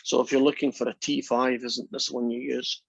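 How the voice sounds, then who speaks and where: A man's voice: mid-range voice, little pitch movement, a little fast, vocal fry, breathy edge, dry recording. A male instructor talking his class through calculus in a chatty, joking way. The recording is dry and close, with dull, lo-fi sound. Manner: chatty and joking, talks through steps conversationally. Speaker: math instructor. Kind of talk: casual classroom lecture.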